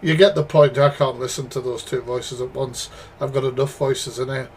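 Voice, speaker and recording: A man's voice: mid-range voice, little pitch movement, moderate pace, slight background noise. Blunt, sweary British man streaming live. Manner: blunt, sweary, exasperated asides to chat. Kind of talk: casual live commentary.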